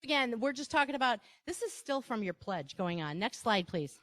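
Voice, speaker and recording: A woman's voice: a little high, sing-song, normal speed, fairly bright tone, dry recording, clean studio sound. A woman with a Wisconsin accent giving a live workshop presentation, chatty, with asides and rhetorical questions to the audience.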